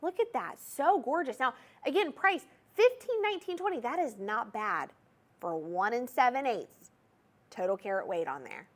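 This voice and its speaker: Young Southern woman, TV shopping host, higher voice, chatty and animated sales pitch. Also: normal speed. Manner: chatty, keeps checking in with viewers. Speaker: shopping channel jewelry host.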